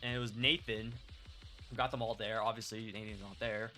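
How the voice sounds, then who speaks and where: Young man, game streamer, bright forceful voice, rambling live commentary, game music behind. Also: fairly low pitch, a little fast. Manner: rambling, excitable, with lots of fillers and swearing.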